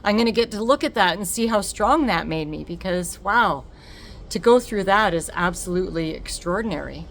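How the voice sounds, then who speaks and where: A woman telling a personal story on her vlog, emotional and expressive, laughing often. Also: mid-range voice, normal speed, a little hiss or hum. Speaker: vlogger.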